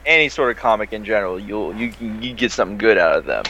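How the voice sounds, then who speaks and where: Relaxed man with a bright voice. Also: fairly low pitch, fast. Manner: relaxed, profane, a bit hesitant. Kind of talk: casual chat.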